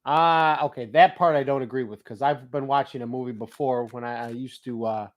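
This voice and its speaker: Recorded with lo-fi sound, this middle-aged man speaks at medium pitch and a slightly fast pace in a relaxed vlog monologue. As a motivational vlogger, he reads from his notes and spins funny stories, cursing and laughing without restraint.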